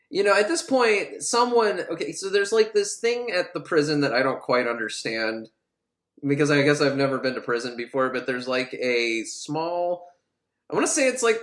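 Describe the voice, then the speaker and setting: A man's voice: fairly high pitch, echoey room, rough recording. A man giving a casual, joking film recap, rambling and swearing, with lots of "like". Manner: rambling, profane, joking, full of "like". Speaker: film reviewer.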